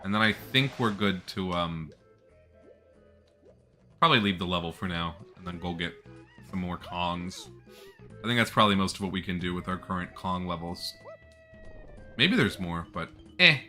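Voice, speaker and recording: A man's voice: deep voice, lively intonation, normal speed, pauses often, sharp tone, faint music behind. A man giving chatty, jokey, casual commentary while playing a video game. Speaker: gameplay streamer.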